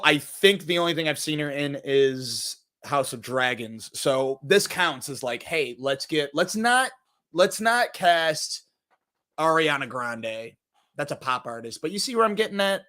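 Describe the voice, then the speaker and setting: A man's voice: fairly high pitch, bright, forceful tone. A young man hosting a casual entertainment news show, rambling and joking, cursing now and then and trailing off into mumbles. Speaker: podcast host.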